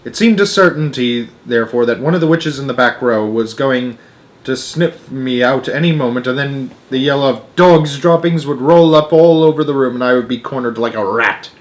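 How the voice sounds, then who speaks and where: A young man reads a children's book aloud in a middle-pitched voice. He is expressive and lively about it and stumbles now and then, catching himself with quick restarts. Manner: expressive, with small slips and restarts. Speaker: storyteller.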